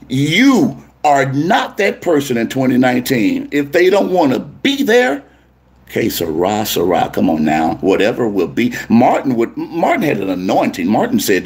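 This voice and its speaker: Male pastor, lively call-and-response preaching, mid pitch. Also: a little fast. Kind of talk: preaching to a congregation.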